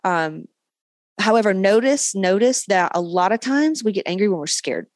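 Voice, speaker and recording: A woman podcast host and coach giving a blunt, profane, animated motivational monologue. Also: fairly low pitch, dry recording.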